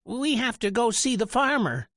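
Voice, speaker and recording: A man's voice: extremely high pitch, big pitch swings, normal speed, fairly bright tone, no room sound, clean studio sound, voice pushed up, heavily acted. A man voicing a frantic little male chick who shrilly exclaims in alarm, in a storybook reading.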